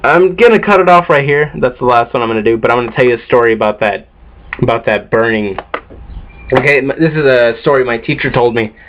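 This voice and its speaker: Tired teen dude rambling and cussing, kinda muffled cheap mic, regular mid voice. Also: male voice, mid-range voice, quick pace, slight background noise. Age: teens. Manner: profane, offhand, self-mocking. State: sleep-deprived. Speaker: vlogger. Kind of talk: casual rambling commentary. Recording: dull lo-fi home recording.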